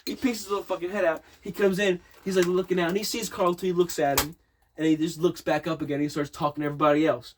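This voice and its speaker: A young man in casual chat, telling a party story in a rambling, profane, animated way, full of restarts and quoted dialogue. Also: high voice, quick pace, noisy background.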